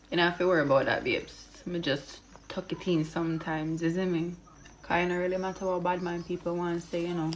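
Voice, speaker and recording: Woman, low and flat, brushing it off. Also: a little fast, slight background noise, low-quality recording. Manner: dismissive, flat. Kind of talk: casual social media clip.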